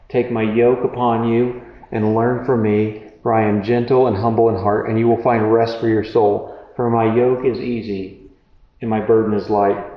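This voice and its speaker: A man preaching a sermon in a conversational way, often halting and restarting as he reads and comments on scripture. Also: on the low side, reverberant, muffled recording. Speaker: pastor.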